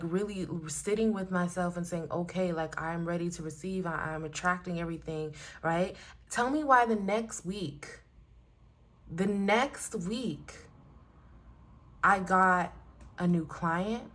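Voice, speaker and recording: Woman, young adult, casual spiritual card reader, earnest and affirming, gets animated and emotional. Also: medium pitch.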